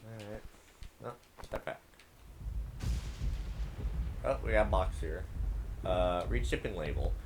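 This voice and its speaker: With lively intonation but a slightly slow pace and frequent pauses, a let's play gamer mutters through his game and reads notes aloud in a low murmur. Background noise runs beneath his commentary.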